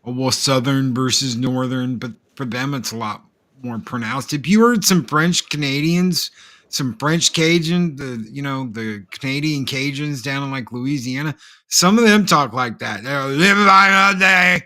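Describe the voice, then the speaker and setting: A man's voice: mid-range voice, expressive, a little slow, fairly bright tone. A man in a casual film discussion, talking in a folksy storytelling way.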